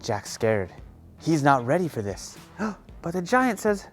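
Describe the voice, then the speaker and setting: A woman leading a children's yoga lesson through a story, animated and playful, gasping with excitement. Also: low-pitched, measured pace, faint music behind. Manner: animated, playful, lots of gasps. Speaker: kids' yoga teacher.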